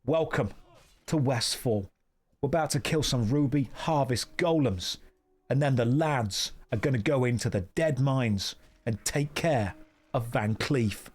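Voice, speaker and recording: A man's voice: on the high side, lively intonation, slow pace. A man putting on a hammy mock British accent as a cheeky Cockney lad from London.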